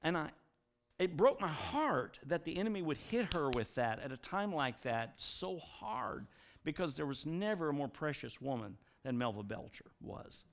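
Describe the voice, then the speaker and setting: Male preacher, middle-aged, animated storyteller, lively and slightly high voice. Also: normal speed, gravelly. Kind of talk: sermon.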